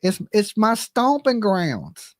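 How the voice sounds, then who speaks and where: A Southern-accented man hosting a channel rants angrily in reaction, repeating himself and constantly adding "okay?" His high-pitched voice swings hugely in pitch at a slow pace, in a dry, clean studio recording.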